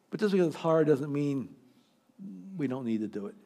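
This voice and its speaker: A man in his sixties, a pastor, preaching an emphatic, exhorting sermon with dramatic pauses. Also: medium pitch, lively intonation, mellow. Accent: American. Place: church sanctuary.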